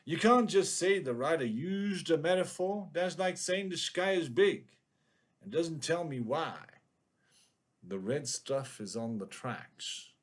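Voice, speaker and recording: A man's voice: on the low side, animated, slow pace, pauses often, voice pushed down. A man reading a noir story aloud in the voice of a hard-boiled male detective, with clipped, brooding narration. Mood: tough.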